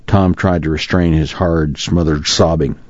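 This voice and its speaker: A man narrating a novel aloud for a radio reading service, steady and measured. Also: a bass voice, dry recording. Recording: dry, slightly muffled studio recording.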